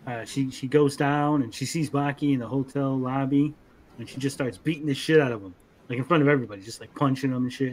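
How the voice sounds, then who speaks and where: A young man co-hosting a casual anime review, animated, acting out character lines in funny voices. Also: mid-range voice, fast talker. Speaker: podcast co-host.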